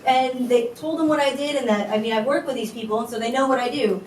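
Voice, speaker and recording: Female speaker, candid storyteller, slightly high voice, distant roomy pickup. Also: fast talker, a little mellow. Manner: candid, conversational with fillers. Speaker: conference speaker. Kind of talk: storytelling talk. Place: event hall at a tech company. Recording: echoey hall from far off, faint noise.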